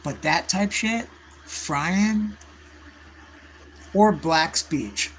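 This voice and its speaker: Brief: guy in his forties, livestream host, rambling and cussing, every line ends in dude, voice pitched a bit high. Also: very slow, fairly bright tone, slight background noise, poor audio. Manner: profane, slangy, calls listeners dude and bro.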